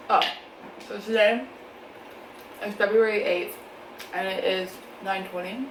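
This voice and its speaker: A young woman vlogger chats casually at home during a mukbang, laughing a lot and talking between bites. Her mid-range voice is fairly even and slow-paced, and the indoor room is echoey with faint background noise.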